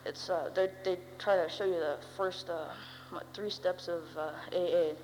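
Teen girl, lower-pitched, wry rambling testimony; long hall reverb, faint hum. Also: steady tone, moderate pace, darkish tone. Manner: rambling, wry, full of "you know" and "uh". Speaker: speaker sharing her story. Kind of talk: personal recovery testimony.

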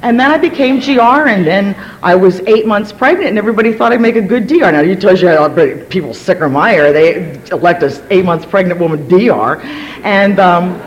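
A woman's voice: medium pitch, fairly quick, dull audio. Hyper, rambling woman telling her story. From Virginia. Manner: energetic, rambling, many restarts and self-deprecating asides. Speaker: speaker sharing at a recovery gathering. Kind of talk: personal story told to a gathering.

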